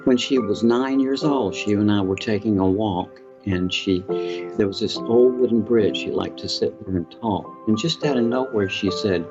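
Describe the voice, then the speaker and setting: Gravelly middle-aged man telling a story. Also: fairly low pitch. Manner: reflective, halting, with fillers. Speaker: author and filmmaker guest. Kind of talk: storytelling in an interview. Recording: dull lo-fi sound with music underneath. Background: music.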